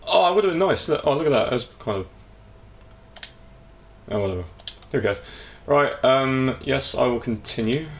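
A man's voice: medium pitch, lively intonation, normal speed, pauses often. A young English man giving casual, rambling gameplay commentary, jokey and sweary. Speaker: let's play streamer.

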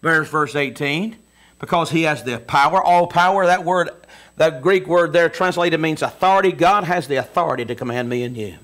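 A man delivering a Sunday sermon in a church, his voice sitting a little higher than most men's. He keeps firing questions at the congregation and waits for their answers. He drops into low, quiet asides, then rises to a booming pitch on the words he stresses. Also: normal speed. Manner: call-and-response preaching, asks the congregation questions. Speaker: pastor.

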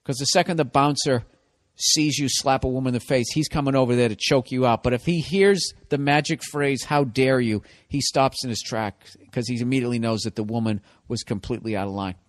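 A middle-aged man riffs through a comedic monologue with a profane, sardonic edge, his voice sitting at an ordinary male pitch. He drifts between quiet, muttered asides and sudden loud bursts. The sound is dry and close, with no room around it. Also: a little fast, no echo. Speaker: podcast host.

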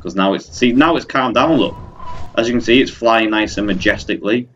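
A man's voice: fairly low pitch, brisk, a bit bright, lo-fi sound, slight background noise. A young man commenting on his own gameplay, exasperated and ranting at the game while talking to his viewers. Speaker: gaming channel host. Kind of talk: let's play commentary.

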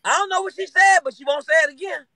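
A man co-hosting a casual comedy chat, joking loudly and crudely. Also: very high voice, fast, no echo. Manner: loud, crude, animated joking. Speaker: co-host.

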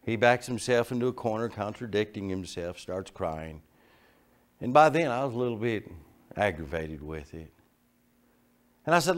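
A middle-aged man preaching a sermon, telling folksy stories and moving between quiet asides and loud emphasis. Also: on the low side, big pitch swings, moderate pace. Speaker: pastor. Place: church sanctuary.

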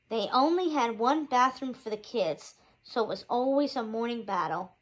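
Teacher narrating a kids' chapter book, expressive, slightly high voice. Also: female voice, normal speed, few pauses, poor audio. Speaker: teacher reading aloud. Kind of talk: children's book read-aloud.

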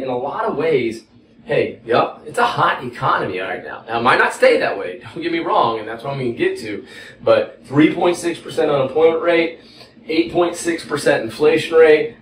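A man's voice: mid-range voice, distant mic, a little hiss or hum. Folksy Texan man lecturing in an echoey room. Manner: folksy, conversational, frequent "okay?" check-ins. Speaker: economics instructor. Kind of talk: whiteboard lecture.

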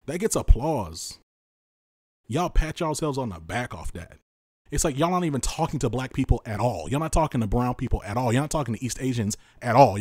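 A man hosting a solo podcast, talking with passion and frustration, repeating his points for emphasis and swinging between loud stress and tired, quiet drops. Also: medium pitch, no room sound, clean studio sound. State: exhausted and frustrated. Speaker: podcast host.

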